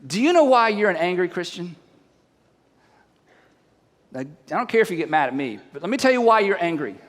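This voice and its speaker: A man with a high voice delivers a sermon, telling a story in an animated way and firing questions at his listeners. His voice carries a long hall reverb, as if in a church hall. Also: brisk. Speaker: pastor.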